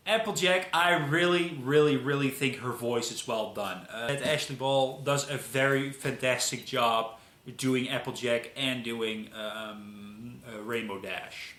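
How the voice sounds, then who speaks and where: A man's voice: mid-range voice, unhurried, fairly bright tone. A man from the Netherlands with a Dutch accent, giving earnest, repetitive casual commentary. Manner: earnest, repeats himself, emphatic. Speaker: video commentator. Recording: echoey room.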